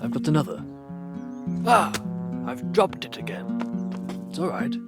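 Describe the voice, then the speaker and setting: A man's voice: a little high, very animated, a little slow. A man voicing a clumsy, friendly townsman in a cartoon game, cheerful and easygoing. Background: guitar music.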